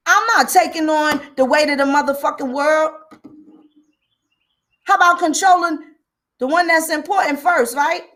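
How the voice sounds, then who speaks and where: A woman's voice: sits high, normal speed, long pauses, fairly bright tone. A woman hosting a livestream, ranting emphatically with a lot of profanity and greeting viewers by name. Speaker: livestream host. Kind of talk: livestream commentary.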